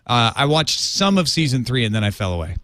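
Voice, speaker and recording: A man co-hosting a podcast, chatting casually with dry jokes and quick bursts of talk. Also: medium pitch, big pitch swings, fairly bright tone. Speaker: podcast co-host. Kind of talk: casual chat.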